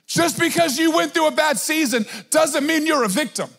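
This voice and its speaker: Pastor, male, 30s, very high voice; chatty, punchy sermon delivery. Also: normal speed, creaky, fairly bright tone. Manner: emphatic, conversational preaching with many filler "like"s.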